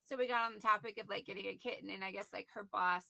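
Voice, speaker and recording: A woman on a video call telling a story in a chatty, animated way, acting out what people said. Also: medium pitch, fast talker, gravelly, no echo, lo-fi sound. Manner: chatty, animated, quotes people in lively voices. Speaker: guest.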